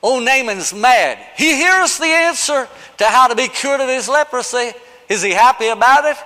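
A man preaching a sermon, impassioned, swinging between shouts and hushed pleading. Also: very high voice, animated, normal speed. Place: church sanctuary. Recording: long hall reverb.

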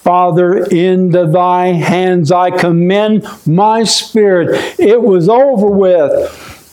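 A man preaching a sermon with a fairly high voice and a slow, deliberate pace. He talks in a folksy, personal way, calling out "my friend" again and again. At tender moments he sinks low and quiet. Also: poor audio. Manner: folksy, repeats "my friend", drops voice low and slow when moved. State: choked up.

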